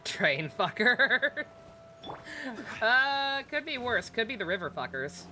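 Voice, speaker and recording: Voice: mid-range voice, big pitch swings, measured pace, background noise. A streamer chatting casually over gameplay, swearing freely and laughing often.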